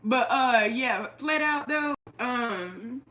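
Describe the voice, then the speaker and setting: A woman hosting a casual livestream from her apartment, talking straight into a phone or webcam, blunt and profane, laughing quickly and reading the chat aloud. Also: on the high side, animated, sharp tone, a little hiss or hum. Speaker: livestream host. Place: indoors at home, an apartment.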